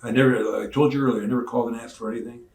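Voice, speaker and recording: A man's voice: mid-range voice, racing, gravelly. An older man, a retired wrestler, telling stories casually in an interview and acting out what others said. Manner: animated storyteller who acts out other people's lines. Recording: roomy sound from a distant mic.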